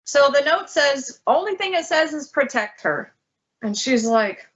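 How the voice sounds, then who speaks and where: Casting note: high-pitched woman librarian, eager storyteller, muffled lo-fi sound. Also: animated, a little slow, a bit bright. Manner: chatty, enthusiastic storyteller. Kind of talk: casual book talk. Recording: lo-fi muffled audio.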